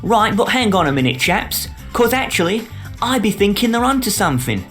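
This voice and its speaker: A man's voice: high-pitched, very animated, moderate pace, a bit bright, faint music behind, pitched above the performer's own voice. A man voicing a scheming, slangy British businessman in a put-on cockney accent. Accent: put-on London cockney. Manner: slangy, conspiratorial, pushy.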